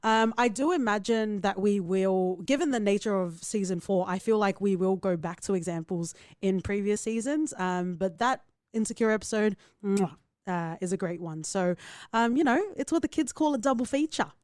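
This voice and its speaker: A woman chatting as podcast co-host, playful and crude in her jokes. Her voice sits mid-pitch and sounds dry and close, with no room around it. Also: normal speed, no room sound. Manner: playful, crude, animated joking. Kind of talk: casual chat.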